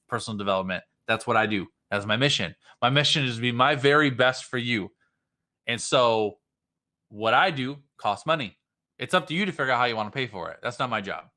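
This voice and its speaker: A man's voice: mid-range voice, sharp tone. A man giving business coaching on a livestream, emphatic and repetitive, often restarting his sentences. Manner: emphatic, repeats points, restarts. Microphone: livestream mic.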